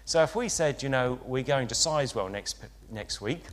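A man's voice: medium pitch, animated, normal speed, a little hiss or hum. A man preaching an informal sermon, chatty and hesitant, with frequent fillers and restarts. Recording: long hall reverb.

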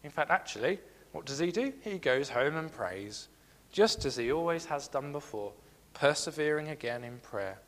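A man's voice: on the high side, lively intonation, moderate pace, hardly any pauses, fairly bright tone, in a large hall. A man giving a sermon, earnest and repeating his key phrases as he reads scripture aloud. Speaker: preacher.

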